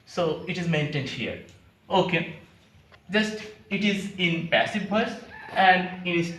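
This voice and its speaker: A male English teacher from Bangladesh gives a classroom grammar lesson, explaining step by step and repeating key phrases. His voice is high and a bit bright, and the sound is roomy.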